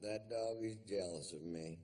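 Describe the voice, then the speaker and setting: A male comedian quoting his exasperated wife in his own low-key voice, during stand-up. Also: moderate pace, dark tone, lightly acted. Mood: aggrieved. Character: suspicious adult wife, woman, exasperated.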